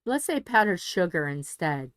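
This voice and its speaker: A woman's voice: lowish voice, sing-song, moderate pace, clean tone, dry recording. A woman chatting casually on a home live stream, rambling and joking and swearing freely.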